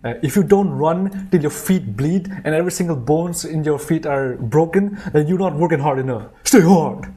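A man's voice: a little high, lively intonation, normal speed, hardly any pauses, mellow, breathy edge. A man giving casual reaction commentary, laughing often and repeating the funny lines back. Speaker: video reactor.

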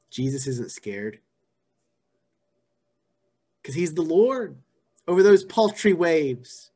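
A man's voice: on the high side, very animated, slow pace, pauses often, husky. Conversational man preaching a sermon. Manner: conversational, repeats phrases, shifts from hushed to emphatic. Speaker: pastor.

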